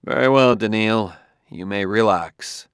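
A man voicing a wary male detective who talks crisply and gives orders. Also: lowish voice, measured pace, dry recording, clean studio sound. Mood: commanding. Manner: sharp, giving crisp orders.

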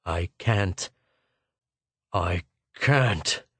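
A man reading aloud, voicing an exhausted man who answers tiredly and low. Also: extremely slow, a bit bright, slightly rough, dry recording, heavily acted. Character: exhausted man in mental struggle.

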